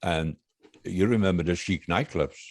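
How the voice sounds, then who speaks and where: An old man in his eighties, a guest singer, reminisces in a low voice during a casual interview chat. He speaks haltingly with many uhs and chuckles often.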